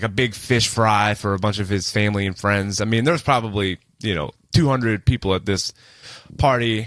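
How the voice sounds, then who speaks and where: A man's voice: lowish voice, fairly bright tone, dry recording. A man, co-hosting a podcast and telling a long, rambling story with a lot of swearing. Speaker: podcast co-host. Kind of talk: casual chat.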